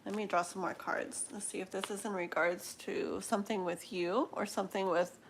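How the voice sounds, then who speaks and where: A woman giving live tarot readings, talking in a slow, halting way with many fillers and restarts while she feels her way through the cards. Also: mid-range voice, steady tone, a little hiss or hum. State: emotional, laughing through tears. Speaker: tarot reader.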